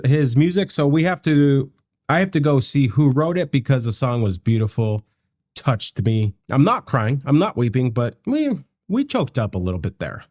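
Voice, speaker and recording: Mellow-voiced man musing on a song. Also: mid-range voice. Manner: reflective, halting, restarts often. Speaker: music reaction host. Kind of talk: casual reaction commentary.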